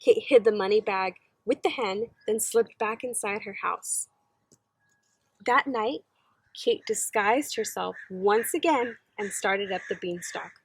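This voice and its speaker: A woman teacher reading a children's story aloud, slow, gentle and expressive. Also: fairly high pitch, creaky, breathy edge, rough recording.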